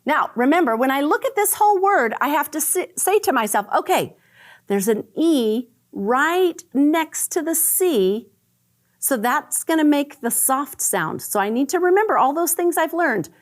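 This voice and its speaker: A woman teaching a phonics lesson to young children, sounding out letter patterns slowly and praising often. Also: high voice, lively intonation. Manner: slow, exaggerated sounding out of letters; cheerful praise and questions to the listener. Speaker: first grade teacher.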